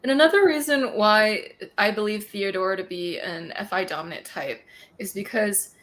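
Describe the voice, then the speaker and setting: A woman's voice: mid-range voice, moderate pace, fairly bright tone. A woman co-hosting a podcast, chatting animatedly about a film. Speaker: podcast co-host. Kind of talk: casual film analysis chat.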